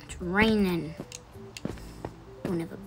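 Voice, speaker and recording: A woman's voice: fairly low pitch, slow. A woman streamer chatting casually to herself as she plays, sometimes singing and muttering under her breath. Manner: chatty, sings and mutters to herself while playing. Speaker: gameplay streamer. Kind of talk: casual let's-play commentary. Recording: background music under the voice.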